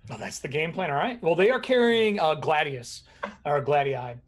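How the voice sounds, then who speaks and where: A man narrating as game master of a tabletop game, animated and laughing often. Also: on the high side, normal speed.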